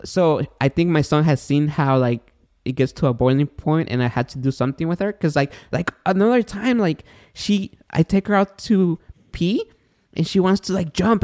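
A man co-hosting a podcast in casual chat, an animated storyteller who acts out the voices of people in his stories. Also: a little high, normal speed. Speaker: podcast co-host.

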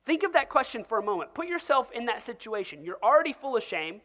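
A pastor preaching with animated, conversational energy. The voice sits at a middle pitch and keeps turning to the listeners with direct questions. Quoted voices are acted out along the way. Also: fast talker. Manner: asks the audience direct questions. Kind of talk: sermon.

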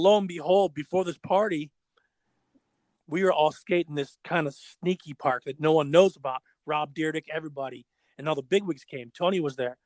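A man telling a story in casual chat, animated and acting out the voices of the people in it. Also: on the high side, no room sound. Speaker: podcast guest.

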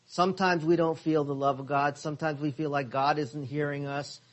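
A man's voice: a little high, fairly even intonation, normal speed. A man teaching a Bible class, asking his listeners questions and stressing key words.

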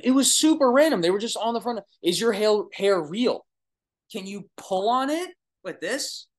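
A young man with a high voice and a Long Island New York accent, working as an oral surgery resident, takes viewer questions on a casual apartment livestream via phone or webcam. He's excitable and chatty and tends to restart sentences and trail off.

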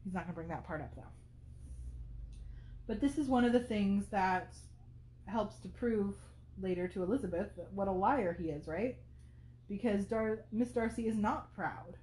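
A woman giving casual book commentary, talking loosely and thinking aloud with plenty of filler words. Her voice sits at an ordinary middle pitch. The recording has a noticeable roomy echo. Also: normal speed, long pauses, mellow. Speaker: podcast host.

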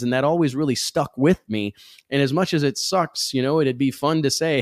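A man's voice: mid-range voice, normal speed, no room sound, studio quality. A man hosting a talk show in casual chat, talking emphatically and firing off rhetorical questions.

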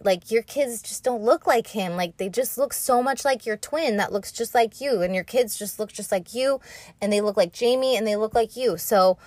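A blunt nobleman father talks in an offhand, slangy, deadpan manner, as a woman voices him in her own mid-pitched tone. The recording is dry and close, with no echo. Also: close to an everyday voice. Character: blunt stern nobleman father, matter-of-fact.

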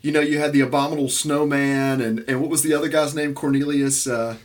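A man from Arkansas, telling family stories in casual chat, animated and full of restarts. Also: medium pitch, a little fast, slight background noise.

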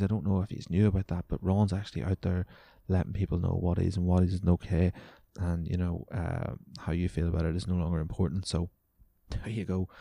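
A man's voice: low-pitched, vocal fry, warm tone, no room sound. A man hosting a casual solo podcast, sweary and sarcastic, his voice wearing out. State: voice going. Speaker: podcast host.

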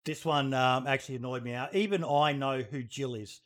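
A man's voice: mid-range voice, moderate pace. A man hosting a casual livestream podcast, talking bluntly and swearing freely. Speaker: podcast host.

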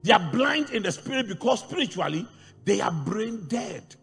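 A man preaching a sermon to a congregation, animated and rising into shouts. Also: sits high, normal speed, gravelly, breathy edge. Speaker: pastor. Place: large church hall. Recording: church hall reverb with faint music.

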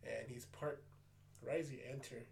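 A man who works night security, telling a story in a casual, animated way, often repeating "I said". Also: medium pitch, normal speed, vocal fry. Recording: distant mic with faint background noise.

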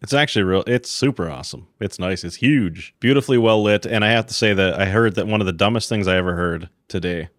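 A man from Minnesota co-hosting a casual tech podcast, his voice hoarse from screaming at a football game, laid-back and teasing. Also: on the low side, quick pace, few pauses, fairly bright tone, no echo, clean studio sound. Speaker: podcast co-host.

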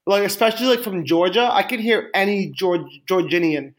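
A man's voice: high-pitched, expressive, fairly quick. A man co-hosting a podcast in casual comedic banter, rambling with stammers and frequent laughs. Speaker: podcast co-host.

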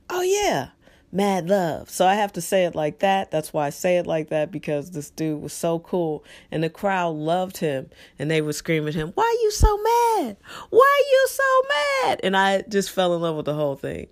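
A man's voice: fairly high pitch, normal speed, a little mellow. A middle-aged man hosting his own podcast, talking casually and with opinions, using lots of fillers and asides. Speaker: podcast host. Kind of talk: casual solo podcast talk.

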